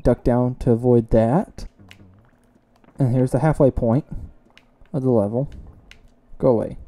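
A young man casually commenting while he plays a video game, chatty and self-mocking, with sudden loud reactions to close calls. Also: medium pitch, fairly even intonation, measured pace, faint music behind. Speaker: let's play gamer.

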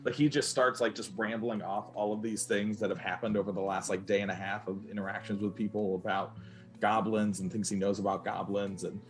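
Male player, lowish voice, loose rambling delivery, soft music under. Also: little pitch movement, brisk. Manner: rambling, full of likes and restarts. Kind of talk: playing a tabletop game.

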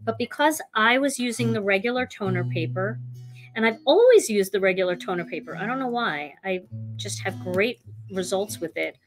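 A woman's voice: medium pitch, expressive, normal speed, faint music behind. A woman hosting a live crafting demonstration, chatting with her viewers as she works. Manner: chatty, talks to viewers while working. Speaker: craft show host.

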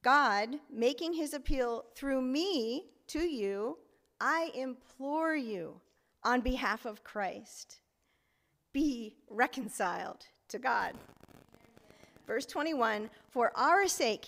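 A woman's voice: fairly high pitch, fairly bright tone. A woman preacher giving a sermon in a church, speaking earnestly and leading the congregation in repeating phrases. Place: church sanctuary. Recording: echoey church hall with faint music.

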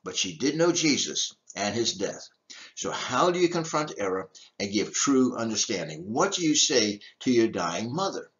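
A man's voice: lowish voice, big pitch swings, normal speed, fairly bright tone, dull audio. An older man, a deacon, giving an emphatic teaching talk with rhetorical questions. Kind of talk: teaching talk on church history.

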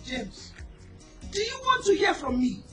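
A woman's voice: very high voice, sing-song, a little slow, a bit bright, faint music behind, exaggerated voice. A woman playing a devout despairing mother. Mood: furious. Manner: pleading, scolding. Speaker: actor. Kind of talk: Nigerian film drama.

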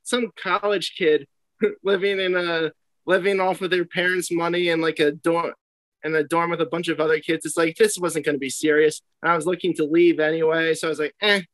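A man's voice: fairly high pitch, little pitch movement, fairly quick, a bit bright, dry recording, poor audio. A young man, a comedian, chatting casually on a podcast and telling stories with laughs, acting out his own reactions. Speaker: comedian guest.

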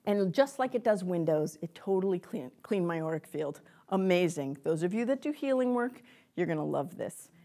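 Speaking as a psychic medium, a woman gives a lecture before a live audience, talking straight to her listeners in a chatty, animated way and frequently bursting into laughter. Her voice sits fairly low and her pace is moderate.

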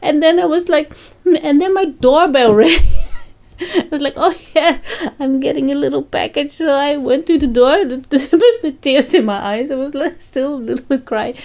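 A woman's voice: high-pitched, a little slow, a little mellow. A woman vlogger chatting casually to her fans, laughing often as she tells a story. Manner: laughs often, breaks off and restarts.

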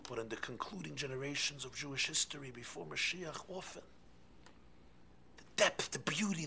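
A male rabbi giving a sermon with stories, animated, swinging from near-whispers to loud exclamations. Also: fairly high pitch, normal speed, vocal fry, slight background noise. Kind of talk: sermon with storytelling.

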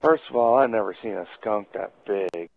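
A man's voice: on the low side, normal speed, creaky. A man telling a casual anecdote in a profane way, laughing as he goes. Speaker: storyteller. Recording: tinny phone-like audio.

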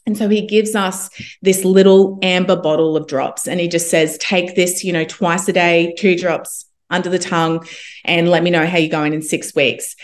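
A young woman, a homeopath guest, telling a personal story in a casual, animated way and acting out what others said. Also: fairly low pitch, normal speed. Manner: animated, quotes others in lively asides.

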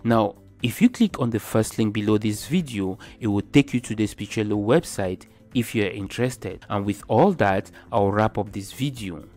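Plain, low-voiced male YouTube narrator. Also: moderate pace, few pauses, a little mellow. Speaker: channel narrator. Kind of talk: scripted narration. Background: faint background music.

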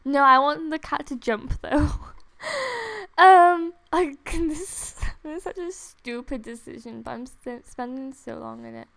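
Tired young woman gushing over her game, high voice, talks slow, giggly and squealy, desk mic. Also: vocal fry, fairly bright tone. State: tired late at night. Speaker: gaming video creator. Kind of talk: casual game commentary. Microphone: desktop USB microphone.

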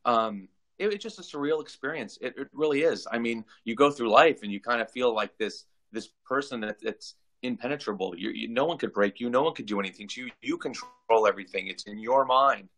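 A man's voice: medium pitch, fairly quick, hardly any pauses, fairly bright tone, rough recording. A man in his forties from Southern California, talking earnestly on a video call and often repeating his words as he tells his story. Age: 40s. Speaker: guest. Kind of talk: casual video call interview.

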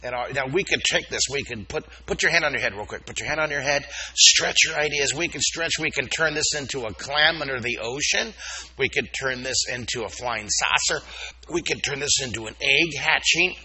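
A man leading a live drawing lesson at a school assembly, animated and playful, coaxing the children to repeat words after him. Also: mid-range voice, brisk, muffled recording, crowd noise. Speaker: drawing teacher.

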